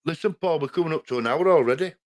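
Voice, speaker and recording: Speaking fast in a slightly high voice with a darkish tone, this older Yorkshireman co-hosts a live stream in a Yorkshire English accent. His chat is homely and rambling, full of frequent chuckles.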